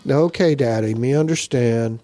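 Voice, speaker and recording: A man's voice: medium pitch, moderate pace, warm tone, faint music behind, natural voice. A man voicing a greedy super-powered baby boy in baby talk. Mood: childish.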